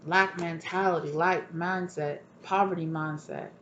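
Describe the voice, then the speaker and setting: A woman tarot reader talks through a reading in a loose, chatty way, sounding tired. Her voice sits on the low side, with faint noise in the background. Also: steady tone, measured pace, fairly bright tone, lo-fi sound. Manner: casual, chatty, repeats "right?". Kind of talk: casual spoken tarot reading.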